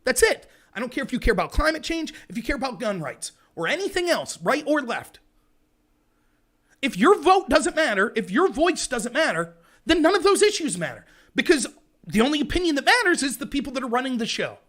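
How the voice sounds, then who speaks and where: Animated sarcastic male political host. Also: extremely high pitch, fairly quick. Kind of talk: political commentary livestream.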